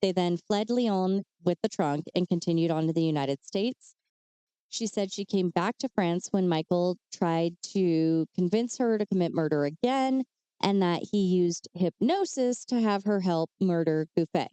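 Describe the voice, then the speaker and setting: A woman's voice: fairly low pitch, a little slow, mellow, clear, resonant tone, no echo. A woman co-hosting a podcast, telling true crime cases in a casual way with chatty asides. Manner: reads case details with chatty asides and fillers. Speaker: podcast co-host.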